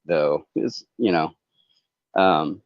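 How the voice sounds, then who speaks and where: A man talking earnestly and casually on a livestream call, halting and rambling with many restarts. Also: extremely low pitch, dry recording. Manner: earnest, confessional. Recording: dull, dry lo-fi call audio.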